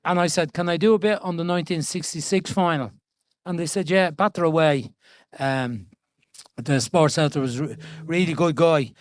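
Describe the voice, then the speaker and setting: A man in his seventies with a Dublin Irish accent, telling stories in an animated, chatty way as the guest in an on-stage conversation. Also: on the high side, moderate pace, no echo. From Ireland. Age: 70s. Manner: chatty, animated storyteller with frequent restarts and laughs. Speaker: guest being interviewed. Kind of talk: storytelling conversation. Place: event stage before an audience.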